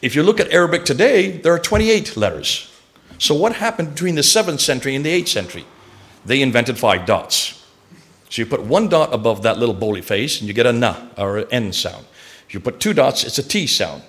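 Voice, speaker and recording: A man lecturing a live audience, animated and quizzing listeners with rhetorical questions. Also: mid-range voice, a little fast.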